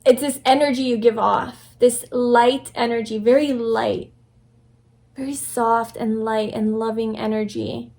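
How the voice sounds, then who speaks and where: This tarot reader's voice is a little high and level, unhurried, with vocal fry. The young woman does a casual pick-a-card reading, rambling gently and affirmingly, full of fillers and restarts.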